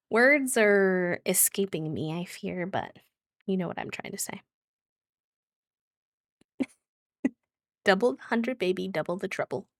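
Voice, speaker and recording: A woman streamer chatting casually and warmly with her viewers, with a lot of fillers and easy laughs. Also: medium pitch, no room sound, clean studio sound. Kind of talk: casual live-stream chat.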